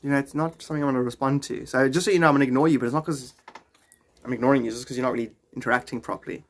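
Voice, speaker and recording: A man's voice: medium pitch, fairly even intonation, very fast. Rambling man chatting on a livestream. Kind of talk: casual live-stream chat.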